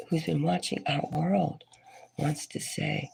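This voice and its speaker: Hoarse, scratchy-voiced woman tarot reader. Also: low voice, measured pace, a little mellow. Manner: rambling, dips into whispers. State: hoarse, getting over a cold. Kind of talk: casual speculative tarot reading.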